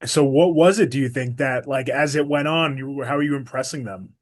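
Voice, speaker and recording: A man's voice: mid-range voice, a little fast. A man hosting a podcast who asks enthusiastic questions of his guest. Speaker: podcast host. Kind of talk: interview questions.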